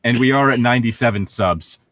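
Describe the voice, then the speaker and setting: A man's voice: mid-range voice, brisk, fairly bright tone, dry recording. A young man co-hosting a casual podcast chat, rambling with lots of fillers and laughing often. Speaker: podcast co-host.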